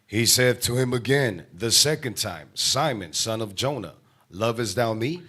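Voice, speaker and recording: Man slowly reading scripture aloud. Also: mid-range voice, expressive, bright, forceful tone, breathy edge. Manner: slow, halting reading aloud of old King James wording. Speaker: scripture reader in class.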